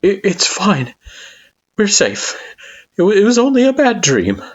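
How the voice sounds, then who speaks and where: A timid, playful young person with a soft, breathy voice that swings high and lively, as a man puts them on. It comes through a dull, lo-fi recording, like an audio storybook read at home. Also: measured pace, full character voice. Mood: shaky.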